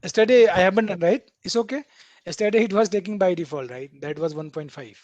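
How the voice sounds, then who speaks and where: A man's voice: sits high, quick pace, darkish tone, no echo, muffled recording. A man teaching a live online coding class. He talks chattily, checks in with the class, and acts out what the code editor says. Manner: chatty, repeatedly checking in with "right?". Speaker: programming instructor.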